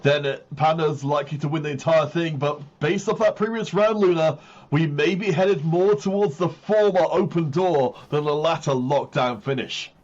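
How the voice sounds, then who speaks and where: A man commentating a live esports tournament as the host caster. His voice sits a little high with a slightly husky edge. He walks through the standings methodically and then surges with hype at decisive moments. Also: normal speed, dull audio. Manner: excitable, builds hype on big moments.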